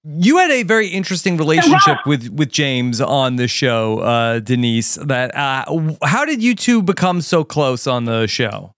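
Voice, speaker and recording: A man's voice: medium pitch, sing-song, normal speed, a bit bright, no room sound, clean studio sound. A man hosting an interview, asking questions in a playful, casual way. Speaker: interviewer, podcast host.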